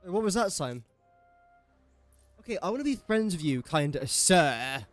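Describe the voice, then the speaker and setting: A man's voice: on the high side, big pitch swings, normal speed, faint music behind. A young English man streaming a game, chatting and joking to himself and to the characters on screen. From England. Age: young adult. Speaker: gaming streamer. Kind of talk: casual gameplay commentary.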